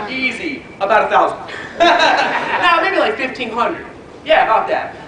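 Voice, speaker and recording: A man giving a motivational network marketing training, telling animated stories and quizzing the audience. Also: extremely high pitch, slow pace, crowd noise. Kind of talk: motivational speech to a live audience. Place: training event hall. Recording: echoey hall, distant mic.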